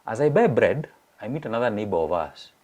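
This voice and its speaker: A man's voice: fairly low pitch, a little fast. A young Kenyan man with a Kenyan accent, telling a personal story in a casual chat, mixing languages and acting out the people he quotes. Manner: animated, acts out quoted voices. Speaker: guest sharing his story. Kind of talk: casual storytelling in English and Swahili.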